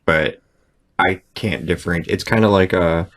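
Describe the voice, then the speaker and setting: A deep-voiced American man hosts a casual podcast chat. He talks in a relaxed, loose way and drops in fillers as he goes. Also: moderate pace. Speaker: podcast host.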